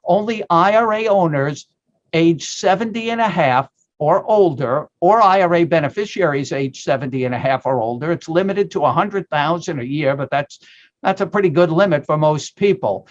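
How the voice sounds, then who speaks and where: An emphatic man with a fairly high voice walks listeners through tax rules as a guest expert on a radio show. He talks in punchy bursts and now and then slides into a playful mock sales pitch. The recording sounds a little dull and lo-fi. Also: normal speed.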